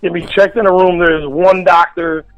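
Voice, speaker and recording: A man's voice: sits high, steady tone, normal speed, muffled recording, faint music behind. A man telling a story in a casual radio interview, blunt and heavy on the profanity. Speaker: guest. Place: radio studio.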